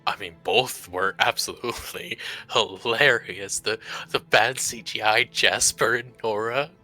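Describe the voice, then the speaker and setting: A male player with a fairly low voice and a very bright, cutting tone, jokey and quick to laugh as he plays his character in a live tabletop game. Faint music runs behind him. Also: steady tone. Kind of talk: live-streamed tabletop role-play.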